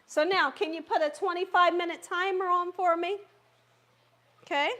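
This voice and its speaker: A woman's voice: extremely high pitch, steady tone, normal speed, pushed and bright. A woman hosting a live cooking stream from her home kitchen, chatty and encouraging, talking straight to her viewers. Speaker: cooking channel host.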